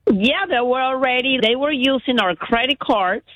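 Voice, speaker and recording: Excited woman telling her story. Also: sits high, normal speed, dry recording, muffled recording. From Miami, Florida. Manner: animated, breathless retelling with loose grammar. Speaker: guest caller. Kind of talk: casual storytelling.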